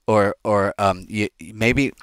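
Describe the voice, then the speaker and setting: Rabbi teaching in a chatty, joking way. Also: male voice, on the low side, steady tone, slow pace, fairly bright tone, clear, resonant tone, dry recording. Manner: conversational, digressive and joking, addressing the congregation. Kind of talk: informal teaching sermon.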